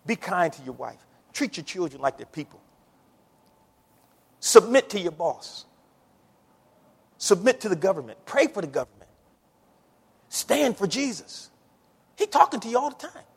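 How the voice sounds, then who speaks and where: A man preaching a sermon, swinging from hushed near-whispers to loud shouts. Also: sits high, vocal fry, slightly rough, long reverb tail.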